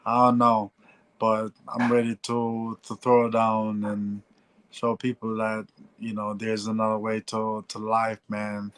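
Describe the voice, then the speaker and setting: A man in his forties with a Jamaican accent, talking casually as an interview guest, halting and often repeating "you know". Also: on the low side, completely flat delivery, a bit bright, clear, resonant tone, rough recording. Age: 40s. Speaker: guest, former heavyweight boxer.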